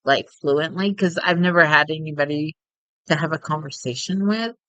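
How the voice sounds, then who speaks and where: A woman's voice: low-pitched, normal speed, fairly bright tone, clean tone, no room sound, muffled recording. A middle-aged woman chatting casually while playing a game, rambling and giggling often. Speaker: gameplay streamer.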